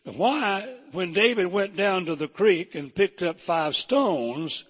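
Husky preacher, folksy and funny, kinda high voice. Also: male voice, slow. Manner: folksy, humorous, animated. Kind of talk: folksy storytelling sermon.

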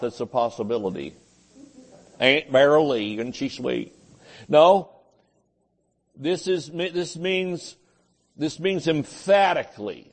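A man's voice: a little high, a little mellow. A male pastor, preaching a sermon in a folksy, joking way and often saying amen.

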